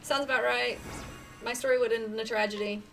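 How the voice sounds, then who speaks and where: A woman's voice: fairly high pitch, steady tone, fairly quick, fairly bright tone, recorded from a distance, soft background music. A woman streaming a video game, chatting in a playful, self-mocking way as she plays. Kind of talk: casual gameplay chat.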